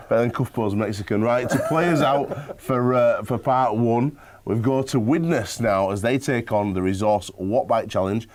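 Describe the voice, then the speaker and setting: A man's voice: mid-range voice, unhurried, rough recording. A man hosting a sports radio show, asking questions in casual, friendly banter. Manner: relaxed, friendly, calls people mate.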